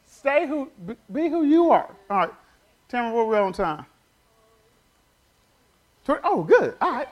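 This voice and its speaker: A man's voice: very high voice, big pitch swings, measured pace, pauses often, lo-fi sound. A man preaching a fervent sermon, telling stories and leading call-and-response with the congregation.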